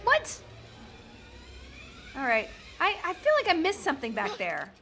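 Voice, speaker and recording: A woman's voice: high-pitched, big pitch swings, brisk, pushed and bright, slight background noise. A woman from the southern United States giving chatty, jokey commentary while playing a video game. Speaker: gaming streamer. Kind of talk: casual gameplay commentary.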